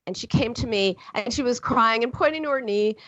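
Female advice host, expressive, acts out quotes, slightly high voice, dry muffled sound. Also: fairly quick, no room sound. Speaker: host and counselor. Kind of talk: advice call-in chat.

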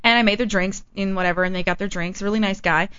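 Animated woman telling café stories. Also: mid-range voice, fast talker, clean tone, dry recording, highs cut off. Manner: animated, acts out other people's voices. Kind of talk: casual storytelling chat.

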